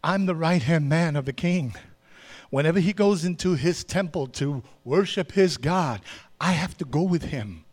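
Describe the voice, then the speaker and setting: Guy preaching, doing a thankful healed general, earnest and pleading, kinda soft. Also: a little high, moderate pace, natural voice. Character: grateful healed foreign army general, earnest man.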